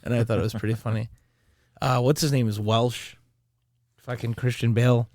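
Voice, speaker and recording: A man hosts a podcast in loose, casual chat. He jokes crudely and riffs fast with his co-hosts. His voice sits at a middle pitch and sounds close and dry. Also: fairly even intonation, a little mellow, no echo. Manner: crude, joking banter. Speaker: podcast host.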